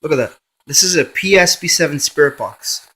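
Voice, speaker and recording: A man's voice: a little high, expressive, brisk, bright, forceful tone, breathy edge, low-quality recording. A man, a paranormal investigator, running a spirit box session and coaxingly calling a spirit by name.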